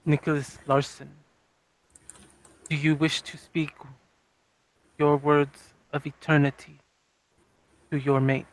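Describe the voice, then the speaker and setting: A man's voice: fairly high pitch, flat delivery, poor audio. A man playing a solemn wedding officiant. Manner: slow, measured, ceremonial.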